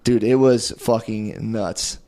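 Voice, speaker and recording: A man's voice: fairly low pitch, takes it slowly. A man co-hosting a comedy podcast, rambling through a story and acting out what people said. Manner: rambling, animated, says "dude" constantly, acts out quotes. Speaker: podcast co-host. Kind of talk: casual storytelling chat.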